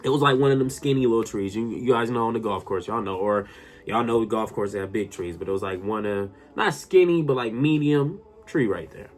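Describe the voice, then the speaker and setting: A man telling a personal story to his viewers in a casual, excitable way, often addressing them directly. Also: lowish voice, fairly quick. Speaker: storytime YouTuber.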